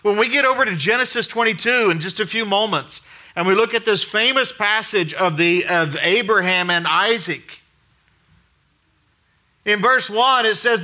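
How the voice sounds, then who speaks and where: A middle-aged male pastor preaching a sermon in a conversational way, asking the room questions and dropping quiet to stress a point. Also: high voice, normal speed.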